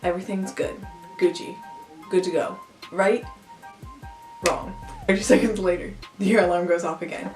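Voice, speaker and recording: A woman's voice: fairly low pitch, fairly even intonation, moderate pace, long pauses. A young woman vlogger telling a storytime tale in a chatty way, full of "like.". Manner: chatty, heavy use of "like". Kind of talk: storytime vlog. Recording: echoey room, distant mic, faint music.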